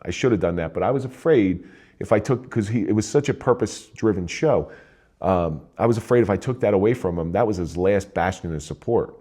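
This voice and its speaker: Older guy from jersey, low mellow voice, ex-cop talking through a hard story, plain and somber. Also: a little fast. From New Jersey. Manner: plain-spoken, somber, with restarts. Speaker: retired police officer. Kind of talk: personal storytelling.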